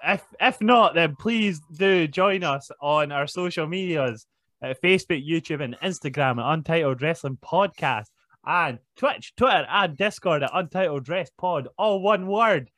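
A man's voice: on the high side, measured pace, a bit bright, no room sound. A man hosting a wrestling podcast, casually plugging the show and joking, sometimes stumbling over details. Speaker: podcast host.

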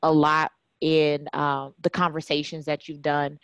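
Deep-voiced, chatty woman podcast host. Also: measured pace, clear, resonant tone, no echo, muffled recording. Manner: relaxed and chatty, uses slang. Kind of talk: casual interview chat.

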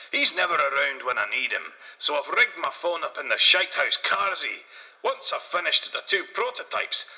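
A man doing a brash, swaggering Scottish inventor with a sharp, piercing brightness and a slightly raised pitch. He boasts and curses in broad dialect, and a long reverb trails behind every line.

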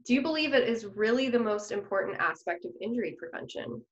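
A woman's voice: fairly high pitch, expressive, fast talker. A woman hosting a podcast who also teaches music, chatty and enthusiastic as she talks with her guest. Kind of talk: podcast interview. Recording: roomy, dull podcast audio.

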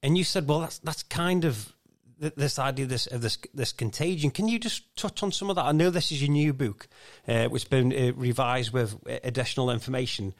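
A man's voice: mid-range voice, brisk. A male podcast host asks his guest questions in an easygoing, hesitant way. He stops and starts with fillers as he puts each question together. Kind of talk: interview questions.

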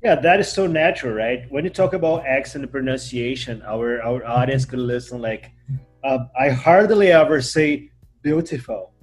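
A man's voice: medium pitch, expressive, normal speed, faint music behind. A man hosting a podcast, chatting in an easygoing way and laughing at himself. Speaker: podcast host. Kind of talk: casual podcast conversation.

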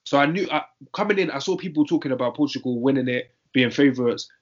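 A man's voice: mid-range voice, fast. A young man, chatting casually about football in a slangy, emphatic way and repeating his points. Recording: dull lo-fi audio.

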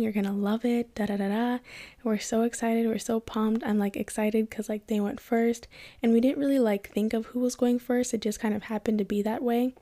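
A young woman from Kenya telling a personal story in a casual vlog, acting out the voices of the people she quotes. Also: a little high. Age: young adult. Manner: animated, acts out quoted voices. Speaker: vlogger.

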